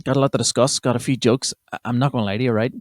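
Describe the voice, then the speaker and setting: A young man from County Armagh, Northern Ireland, talks very fast in a mid-range voice with fairly even intonation. He's a podcast host giving a casual comedy monologue, rambling, swearing and cutting across his own sentences, recorded in studio quality with no echo.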